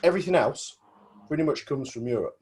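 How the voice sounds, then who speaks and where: A man's voice: medium pitch, lively intonation, a little fast, darkish tone. A man, a guest explaining wiring rules in a hesitant, explanatory way on a casual podcast. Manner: hesitant, explanatory, many fillers. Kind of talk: casual chat.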